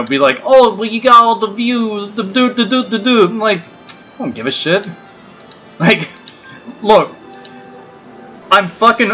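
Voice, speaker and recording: A man's voice: high voice, sharp tone. Foul-mouthed ranting male streamer. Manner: profane, blunt and ranting; rambling with many restarts. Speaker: gaming livestream host. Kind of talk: casual livestream chat.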